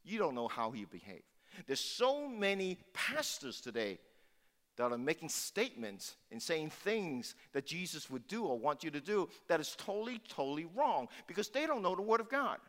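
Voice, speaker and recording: A man's voice: on the high side, sing-song, moderate pace, a bit bright. A male pastor giving a sermon, preaching emphatically and repeating phrases for force. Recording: long hall reverb.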